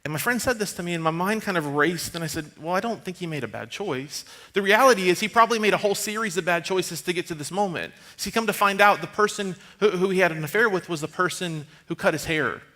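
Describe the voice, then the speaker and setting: A man in his thirties preaches from a church stage with a high, bright, forward voice. He tells stories in a loose, conversational way. He turns hushed and low when things get serious. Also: quick pace, few pauses. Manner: conversational, animated storytelling, drops to a hushed tone for serious moments. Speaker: pastor. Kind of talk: storytelling sermon.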